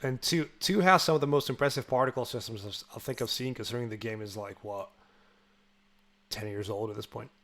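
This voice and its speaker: A young man from the UK hosting a podcast in casual chat, talking in quick bursts with many restarts. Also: mid-range voice, fairly bright tone. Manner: chatty, stumbling restarts, laughs easily. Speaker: podcast host.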